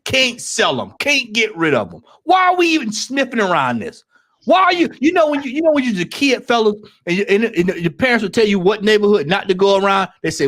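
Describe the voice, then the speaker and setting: A man, ranting loudly on a podcast panel and repeating his points for emphasis. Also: very high-pitched, very animated, brisk. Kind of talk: heated podcast rant.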